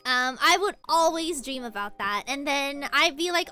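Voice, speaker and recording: Chatty high-voiced young woman streamer. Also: normal speed, faint music behind. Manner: chatty, rambling, animated with laughs and squeals. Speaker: streamer playing a game. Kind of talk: casual gaming stream chat.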